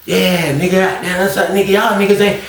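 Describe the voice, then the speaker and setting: A man's voice: high-pitched, steady tone, brisk, fairly bright tone, echoey room, distant mic, slight background noise, pitched above the performer's own voice. A man voicing a boastful prison dice player who taunts the others over and over. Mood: taunting. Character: loud trash-talking male dice player in prison.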